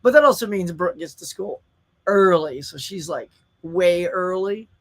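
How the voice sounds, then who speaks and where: A man's voice: high voice, a little slow. A man, hosting a live stream in casual, upbeat chat and reading viewer comments aloud. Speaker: livestream host.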